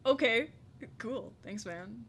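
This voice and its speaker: Casual, playful streamer, reads game text aloud, lots of giggling, chatty gaming stream. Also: female voice, a little high, lively intonation, slow pace, slight background noise. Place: home desk with a squeaky chair.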